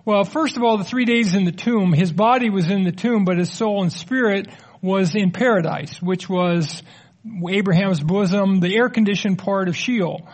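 A man's voice: sits high, normal speed. A middle-aged man preaching and answering audience questions in a conversational, explanatory way, with joking asides. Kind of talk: teaching sermon with audience questions.

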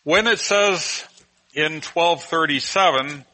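A man teaching a Bible class, explaining a passage slowly and deliberately with frequent pauses. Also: fairly high pitch, sharp tone, rough recording.

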